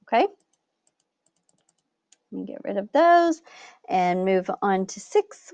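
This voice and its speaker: A woman's voice: fairly high pitch, lively intonation, slow, long pauses, warm tone, no room sound. A woman teacher giving a recorded grammar lesson, patiently explaining step by step and checking in with "right?". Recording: dull lo-fi dry recording.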